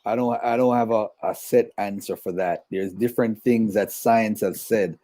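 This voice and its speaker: A man hosting a call-in talk show, playful and lively with callers, then measured when answering. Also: on the low side. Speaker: host. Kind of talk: live-stream call-in talk.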